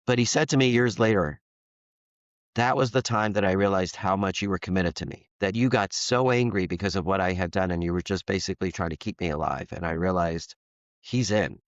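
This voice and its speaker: A man in his fifties talks earnestly through a personal story, his voice very low and steady. He slips into the voices of the people in the story as he goes. The sound is dry and a little muffled. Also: a little fast, no room sound. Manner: earnest, candid, acts out quoted dialogue. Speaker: interview guest, foster parent.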